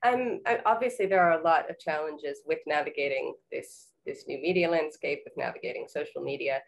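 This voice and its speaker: A woman's voice: low-pitched, fairly quick, vocal fry. A woman interviewer giving short affirmations and asking open questions in a conversational interview.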